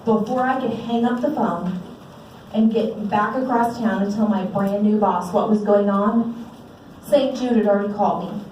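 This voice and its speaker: A woman's voice: mid-range voice, moderate pace, darkish tone, a little hiss or hum. A woman in her forties gives an earnest, heartfelt personal testimony to an audience at a fundraiser, speaking into a handheld microphone. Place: large event hall. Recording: very echoey hall, distant mic.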